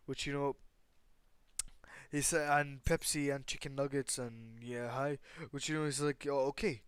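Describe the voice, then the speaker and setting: A man's voice: medium pitch, little pitch movement, unhurried, smooth, no echo. Rambling young man telling a fan story. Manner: rambling, many fillers and restarts, swears casually. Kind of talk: improvised fan story narration.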